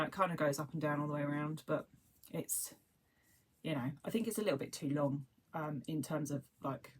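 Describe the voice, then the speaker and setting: A woman's voice: low-pitched, a bit bright. A woman with a southern English accent, chatting casually and rambling as host of a crochet livestream. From southern England. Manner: chatty, rambling, self-described waffler. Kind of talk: casual chat.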